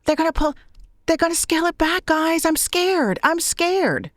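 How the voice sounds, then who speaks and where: A woman's voice: very high-pitched, expressive, normal speed, no echo, studio quality, voice pushed up. A woman mocking a whiny, scared streamer. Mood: mock-fearful. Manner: mocking whine.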